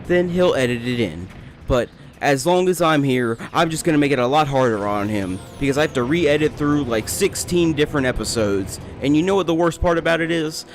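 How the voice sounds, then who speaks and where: A man's voice: fairly high pitch, expressive, a little fast, slight background noise. Rambling young man playing a game. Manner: rambling, joking, talks to the game. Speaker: let's play host. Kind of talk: casual gameplay commentary.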